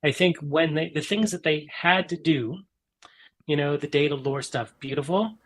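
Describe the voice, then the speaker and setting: A man's voice: fairly high pitch, moderate pace, fairly bright tone, rough recording. A man in casual podcast chat, talking enthusiastically and rambling with many ums, from an upstairs room in his mother's house. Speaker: podcast guest.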